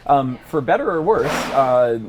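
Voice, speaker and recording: A paleontologist in his forties, appearing as a guest in a casual interview, speaks thoughtfully with lots of ums and restarts. His mid-range voice is sing-song and measured, and there's faint background noise.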